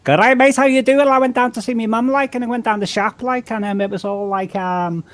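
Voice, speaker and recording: A man putting on a high broad Scouse-style chatter. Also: steady tone, fairly quick, dry recording. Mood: mocking. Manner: exaggerated high mock accent. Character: broad Liverpool man chatting about his mum.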